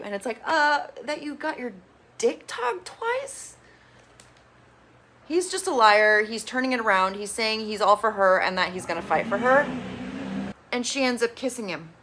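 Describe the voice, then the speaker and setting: Bright-voiced woman recapping with sarcasm. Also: mid-range voice. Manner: blunt, sarcastic, quick to mimic people. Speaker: reality TV recap vlogger. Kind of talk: casual opinionated recap.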